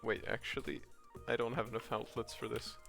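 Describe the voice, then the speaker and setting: A man's voice: medium pitch, fairly even intonation, brisk, gravelly, fairly bright tone. A man streaming a cozy farming game at home, chatting with his viewers in a rambling, laugh-filled way with lots of restarts. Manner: chatty, reacts to chat, laughs often, frequent restarts. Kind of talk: casual chat while streaming a farming game. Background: faint game music.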